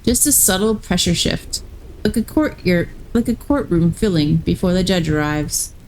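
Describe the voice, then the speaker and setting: A woman streamer reading a story aloud live, slow and measured, with brief asides to her chat. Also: on the low side, expressive, a little mellow, a little hiss or hum, low-quality recording.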